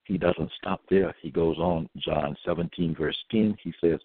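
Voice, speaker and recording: A man giving a scripture-reading monologue as a religious podcaster, reading verses slowly and solemnly and pausing often with fillers. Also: low voice, no echo. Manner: halting, with many pauses and fillers. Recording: dry, tinny phone-like audio.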